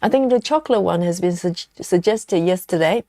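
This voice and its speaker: Creaky-voiced woman chatting on a live stream. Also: fairly low pitch, brisk, warm tone, no room sound, studio quality. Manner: chatty, reads viewer comments aloud. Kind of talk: casual live-stream chat.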